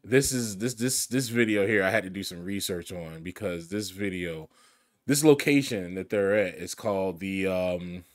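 A man's voice: deep voice, normal speed. A man giving casual, chatty commentary over news footage, often repeating words as he talks. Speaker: video commentator.

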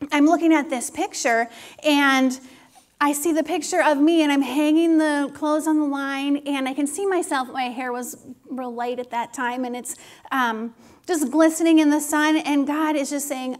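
A woman giving a personal testimony at a church service, speaking in an earnest, intimate, encouraging way and sometimes softening to a hush. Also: sits high, normal speed. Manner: earnest, intimate, encouraging, drops to a hushed whisper when quoting God.

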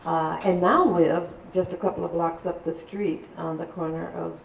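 An older woman from San Antonio tells local stories to a crowd, chatty and rambling, with a slightly low voice. The sound is dull and echoey, as if picked up from far back in a large room, with faint background noise. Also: steady tone, moderate pace, vocal fry. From San Antonio, Texas. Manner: chatty and rambling, with laughs and restarts. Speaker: community speaker. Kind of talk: storytelling talk to an audience.

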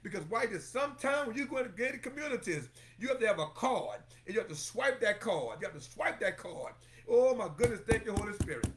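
A male pastor delivering a sermon with a high voice that swoops up and down constantly. He preaches fervently, repeats his key phrases and calls out to listeners by name. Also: sing-song, a little fast, a little hiss or hum.

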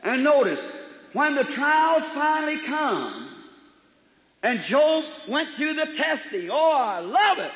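A man preaching a sermon in a church hall, folksy in manner, swinging from loud to soft. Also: very high voice, big pitch swings, takes it slowly. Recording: echoey hall, dull 1950s tape recording.

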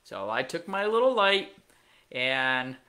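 A woman's voice: rumbling low, big pitch swings, takes it slowly, pushed and bright. A middle-aged woman hosting a pet podcast, telling a casual story with wry asides and plenty of fillers. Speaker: veterinarian podcast host.

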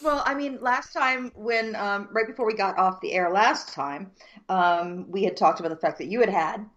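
A woman from the southern United States co-hosting a casual chat, telling a story at a measured pace with frequent ums. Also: medium pitch, a bit bright, highs cut off. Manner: measured, many ums, descriptive. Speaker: co-host.

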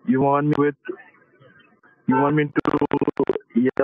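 A man's voice: fairly high pitch, little pitch movement, takes it slowly, no echo. A man calling as a scam caller, hesitant and apologetic, stammering as he talks. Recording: tinny phone line.

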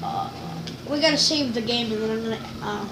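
Brief: woman gamer host, high voice, chatty and self-mocking over game music. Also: brisk, low-quality recording. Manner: rambling, giggly, self-mocking, addresses viewers. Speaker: gaming video host. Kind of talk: casual let's-play commentary.

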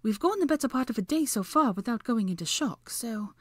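A woman voicing an anxious, know-it-all young witch who is quick to lecture, in an audiobook reading. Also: a little high, expressive, no room sound, studio quality, voice pushed up. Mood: lecturing. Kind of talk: audiobook character voice.

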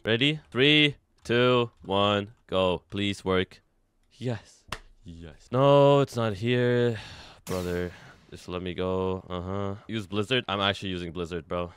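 A young man streaming himself playing a game, excitable and full of slang, jumping from loud shouts to low mutters. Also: a little slow, clean tone, no room sound. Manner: casual slang, says "bro" often. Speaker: gaming streamer. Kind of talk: live gameplay commentary.

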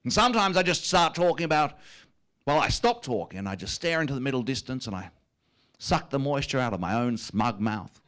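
A comedian on stage impersonates a pompous, smug prime minister with an Australian accent, drawling his words with self-satisfied amusement. The voice sits at an ordinary middle pitch for a man. The tone is that of a rich, powerful politician delighted with himself. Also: very animated, a little fast, a bit bright. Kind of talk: stand-up impression of a politician.

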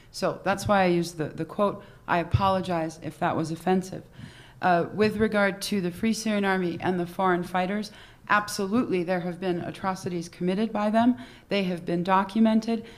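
Panelist woman, lower voice, measured and composed, factual answers. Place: conference hall.

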